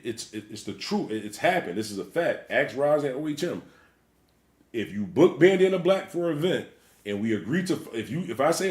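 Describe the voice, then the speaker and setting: A man who is a DJ, hosting a livestream and ranting bluntly with plenty of profanity. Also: fairly high pitch. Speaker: DJ and livestream host. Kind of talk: livestream rant. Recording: roomy echo.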